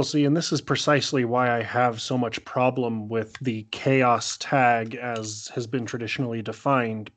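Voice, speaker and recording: A man hosting a casual discussion, speaking in a thoughtful, deliberate, slightly lecturing way. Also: mid-range voice.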